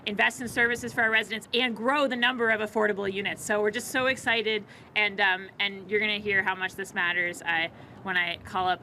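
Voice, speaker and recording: A woman's voice: medium pitch, bright, forceful tone, a little hiss or hum, poor audio. A woman administrator opening a public ceremony in a casual way, with lots of ums and uhs. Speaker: housing authority administrator. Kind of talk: ceremony emcee remarks. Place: outdoor ceremony.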